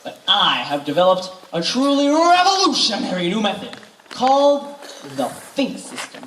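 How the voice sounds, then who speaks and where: A teen doing a slick fast-talking con man. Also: mid-range voice. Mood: smooth scheming. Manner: fast, flattering salesman patter. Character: smooth-talking male con man posing as music professor. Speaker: teen actor in a camp stage play. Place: camp stage. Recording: echoey hall from far off, faint noise.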